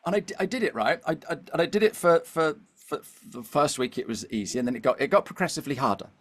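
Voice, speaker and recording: Animated middle-aged man telling a story. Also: a little high, fast talker. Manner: animated, keeps checking in with "okay?" and "all right?". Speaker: podcast guest. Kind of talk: storytelling conversation.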